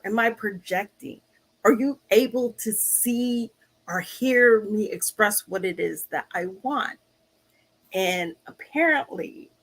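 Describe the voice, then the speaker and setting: Slow-spoken woman vlogger. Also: mid-range voice, fairly bright tone. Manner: slow, searching, restarts sentences. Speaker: vlog host. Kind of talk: casual personal talk to camera.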